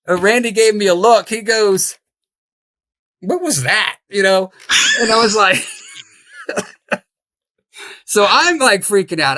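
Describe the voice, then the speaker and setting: A middle-aged man telling a story as an interview guest, animated and laughing as he goes. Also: on the high side, no echo. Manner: animated, laughs through the tale. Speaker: podcast guest, house flipper.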